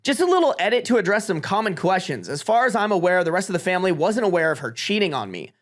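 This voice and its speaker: Reading Reddit posts aloud to chat, a live streamer reacts as they go, swearing freely and laughing often. The voice is mid-range, very animated and fast, and they talk directly to chat.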